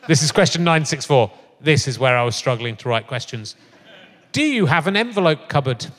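Middle-aged guy hosting a live comedy podcast, kinda high voice, bawdy jokes, long echo off a big hall. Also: expressive, a little fast, fairly bright tone. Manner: jokey, bawdy, laughs a lot. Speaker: podcast host. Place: large live venue on stage.

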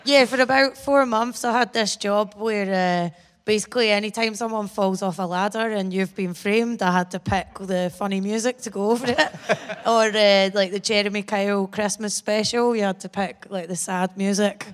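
A woman's voice: mid-range voice, steady tone, moderate pace. A woman comedian, a guest on a live talk show, chatting casually on stage in a plain, matter-of-fact way. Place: large theatre stage before a live audience. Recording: long theatre reverb.

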